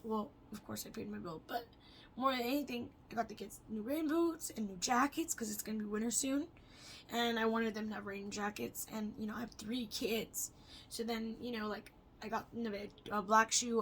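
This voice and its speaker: A woman's voice: a little high, a bit bright, slight background noise. A young adult woman vlogging casually, rambling with lots of fillers and frequent swearing. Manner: chatty, swears freely, rambling with many fillers. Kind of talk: casual personal vlog.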